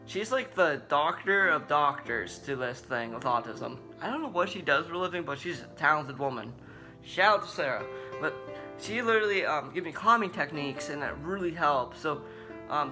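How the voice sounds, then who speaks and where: A young man talking casually to camera as a vlogger, halting with many fillers and restarts. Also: fairly high pitch. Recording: guitar music in background.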